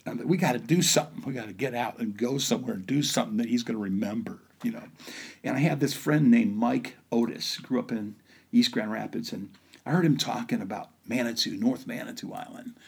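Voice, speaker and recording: A middle-aged man tells family stories with a gravelly, husky voice. He is animated and slips into the voices of the people in his tales, jumping between quick bursts and quieter asides. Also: mid-range voice. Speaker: storyteller. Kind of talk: personal storytelling.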